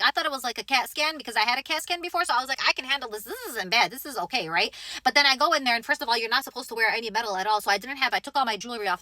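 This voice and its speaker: Brief: young woman vlogger, high voice, quick dramatic storytelling to camera. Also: dry recording. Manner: animated, dramatic retelling with quoted inner voice.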